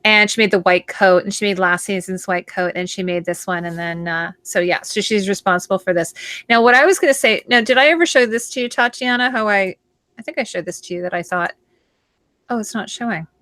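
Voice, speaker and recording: A woman's voice: medium pitch, a little fast, fairly bright tone, no room sound. A woman from Canada hosting a casual live chat over a video call, talking in a rambling, chatty way with frequent restarts. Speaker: host.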